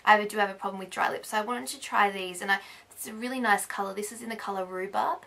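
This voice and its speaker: Aussie girl rambling thru a makeup haul, kinda hoarse, bit of fry in her voice. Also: medium pitch, fast, fairly bright tone. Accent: Australian. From Australia. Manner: chatty, rambling, self-correcting. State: losing her voice. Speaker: beauty vlogger. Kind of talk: casual haul video chat.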